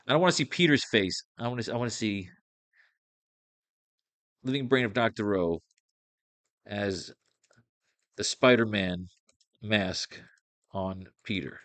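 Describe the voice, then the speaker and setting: A man's voice: on the low side, unhurried, long pauses, a bit bright, no echo. A man teaching comics writing, thinking aloud as he drafts pages at home and swearing at his computer.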